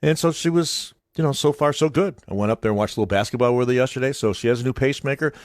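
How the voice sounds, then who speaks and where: A man's voice: mid-range voice, racing, dry recording. A man hosting a morning radio show, chatting casually with a teasing, dry sense of humor. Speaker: radio host.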